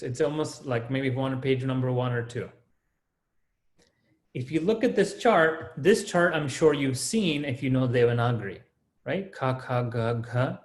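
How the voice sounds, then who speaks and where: A man teaching an online class, walking students through each rule step by step and checking in with a quick "right?" or "okay?". His voice sits at an ordinary middle pitch. The room behind him rings with noticeable echo. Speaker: Sanskrit teacher.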